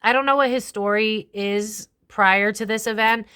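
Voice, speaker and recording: A woman's voice: medium pitch, fairly even intonation, measured pace, pushed and bright, clean tone. A young woman chatting casually through a tarot reading, swearing freely and slipping into other people's voices. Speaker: tarot reader and channel host. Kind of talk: casual psychic tarot commentary.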